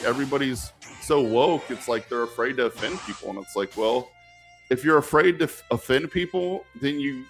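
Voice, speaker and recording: A man's voice: medium pitch, fairly bright tone. A man hosting a casual live stream Q&A, rambling with lots of fillers and restarts as he answers viewer questions.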